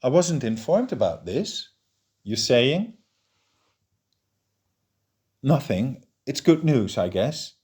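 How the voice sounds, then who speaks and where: A man reading the lines of a bold, chatty young Irish newcomer in a first-person story, eager and quick to explain. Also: medium pitch, very animated, darkish tone. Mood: flustered.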